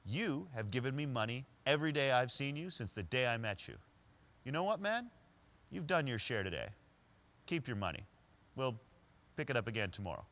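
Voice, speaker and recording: A man acting out a streetwise homeless man who is tough but kind, in a louder, higher, emphatic voice. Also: sing-song, moderate pace, pauses often. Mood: encouraging.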